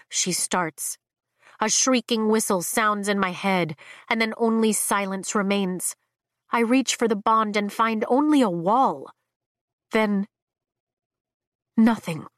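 A woman narrating a fantasy novel in the first person, with a measured, emotive reading. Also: medium pitch, no room sound, clean studio sound. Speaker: audiobook narrator.

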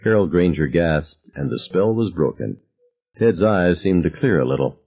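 A man narrating a novel in first person, with expressive storytelling. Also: deep voice, moderate pace, husky, highs cut off. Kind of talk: audiobook narration.

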